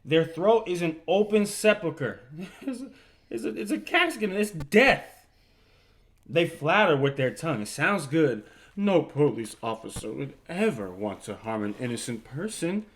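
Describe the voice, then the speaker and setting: A man's voice: a little high, sing-song, moderate pace, rough recording. A man co-hosting a livestream Bible class, reading verses aloud and commenting bluntly, with profanity. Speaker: co-host reading scripture.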